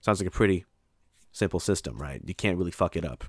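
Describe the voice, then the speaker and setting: A man's voice: sits low, expressive, fast talker, no room sound, clean studio sound. A young man tells a rambling, profane story about his retail job, full of fillers and put-on voices. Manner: rambling, heavy on fillers and swearing, acts out voices. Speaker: retail worker telling a story.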